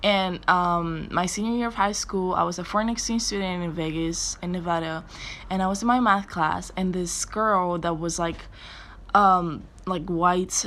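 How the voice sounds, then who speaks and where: Young woman, bright and chatty, casual storyteller. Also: on the low side. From Spain. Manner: chatty, swears freely, lots of fillers.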